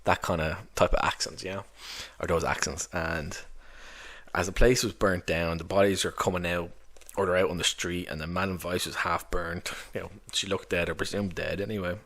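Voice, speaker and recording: Speaking at a moderate pace in a low-pitched, a bit bright voice with fairly even intonation, a man who runs tabletop games chats about books he recommends. It's a casual, rambling book review, loose and filled with lots of fillers.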